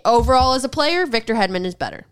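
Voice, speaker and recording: A woman co-hosting a casual sports podcast argues her hockey opinions bluntly and pushes back firmly in the debate. Her voice is a little high, animated, smooth and quick-paced, and her manner is assertive.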